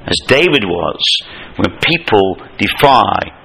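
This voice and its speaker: A man preaching a sermon in an impassioned, emphatic way, with lively asides. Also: lowish voice, takes it slowly, vocal fry, breathy edge, poor audio.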